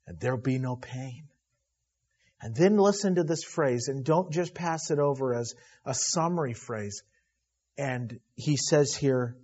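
A middle-aged man preaching a sermon as a pastor, emotional, dropping to a hush and then rising loud. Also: mid-range voice. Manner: emotional, swinging from hushed to loud. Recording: dull lo-fi recording.

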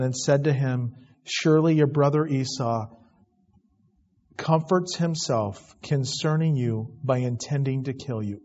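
A man's voice: medium pitch, darkish tone, lo-fi sound. A man preaching a sermon, reading scripture aloud and then commenting in plain asides. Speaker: pastor. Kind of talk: expository sermon.

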